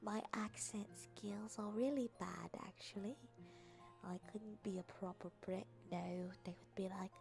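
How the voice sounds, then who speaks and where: A woman's voice: mid-range voice, fairly even intonation, unhurried, gravelly, darkish tone. A woman streamer in casual, rambling chat, teasing and joking as she reads comments aloud. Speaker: VTuber streamer. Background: faint background music.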